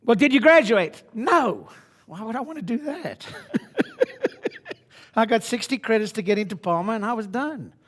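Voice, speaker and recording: A man in his sixties speaking at a seminar, brash and boastful, dropping to low asides and then pushing up into loud exhortation at the audience. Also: animated, moderate pace, pauses often. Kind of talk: motivational seminar talk. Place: conference room before an audience.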